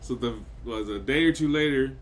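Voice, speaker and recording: Guy on a podcast, mid voice, stumbles and restarts as he tells it, little bit of background hiss. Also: medium pitch. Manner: halting, restarts a lot while telling a story. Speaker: podcast co-host. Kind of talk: casual storytelling chat.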